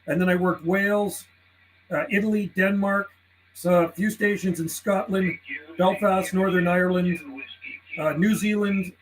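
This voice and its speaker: A man live-streaming from his home radio desk, chatting casually with viewers and calling out to other radio stations in a relaxed, friendly way. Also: sits high, unhurried, poor audio. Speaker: CB radio livestreamer. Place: warm house indoors.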